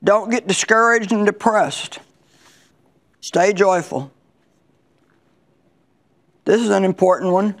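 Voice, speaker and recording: A woman's voice: mid-range voice, slow, pauses often. Woman preacher, conversational sermon delivery, emphatic and repetitive. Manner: emphatic, conversational, repeats key lines. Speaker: Bible teacher.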